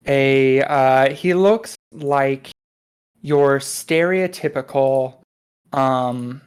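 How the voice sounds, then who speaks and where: Slow, hesitant man, full of ums. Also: medium pitch, smooth. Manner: hesitant, many ums and pauses. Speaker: player. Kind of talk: describing his character.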